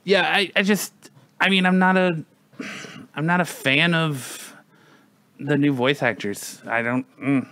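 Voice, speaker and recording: A man's voice: fairly high pitch, a little slow, long pauses, bright, forceful tone, dry recording. A man chatting casually, rambling with many restarts, fillers and some swearing. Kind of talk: casual chat.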